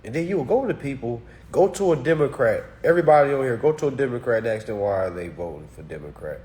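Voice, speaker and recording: A man's voice: medium pitch, animated, fast, darkish tone. A man giving a casual political rant, speaking emphatically and straight to his listeners. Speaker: commentator.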